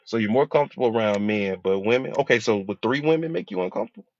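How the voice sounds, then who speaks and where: A man's voice: medium pitch, animated, quick pace, gravelly, dry recording. A man, a hypnotherapist, giving a motivational speech with emphatic repetition, rhetorical questions and casual slang. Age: adult with a school-age child. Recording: dull dry lo-fi recording.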